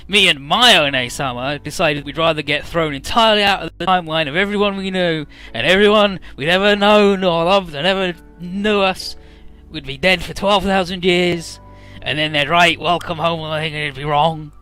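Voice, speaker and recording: A man voicing a blunt but caring young woman team leader in a game recap, speaking earnestly and fast. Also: on the high side, pushed and bright, clear, resonant tone, faint music behind.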